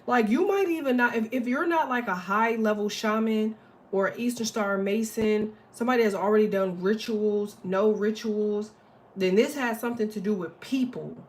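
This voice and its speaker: A woman's voice: mid-range voice, moderate pace. A woman giving a casual astrology and tarot reading, talking bluntly and profanely, rambling with lots of fillers.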